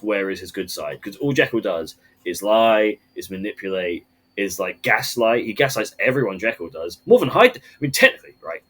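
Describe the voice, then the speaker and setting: A man on a casual podcast, ranting with animated, profane energy about a film. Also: on the low side, slightly rough.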